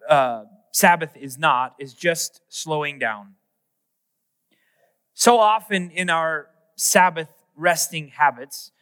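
Bright-voiced male pastor in an echoey hall. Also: fairly high pitch, smooth. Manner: conversational and self-mocking, with playful asides. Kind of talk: sermon. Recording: echoey hall with long reverb.

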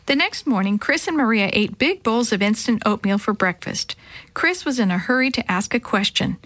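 A woman's voice: a little high, animated, normal speed, a bit bright, dry recording. A woman narrating a children's chapter story, friendly and addressing young listeners.

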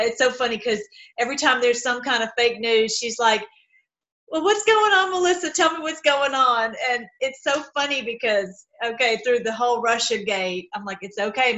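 Chatty laughing woman, a bit high. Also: fairly bright tone, muffled recording. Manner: chatty and rambling, laughs often. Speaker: political video blogger. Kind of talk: casual to-camera chat.

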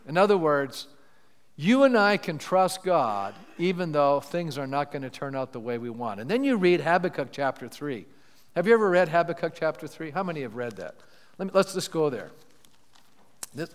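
A male pastor preaching a sermon, asking his congregation questions and retelling scripture in lively paraphrase. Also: on the high side. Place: church sanctuary. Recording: church hall with long reverb.

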